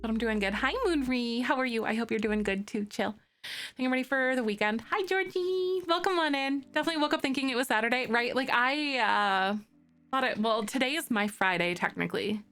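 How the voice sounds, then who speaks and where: A young woman streaming live, chatting casually with her viewers, greeting them by name and squealing when something excites her. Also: on the high side, fairly quick. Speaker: Twitch streamer. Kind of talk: casual live-stream chat while playing a game.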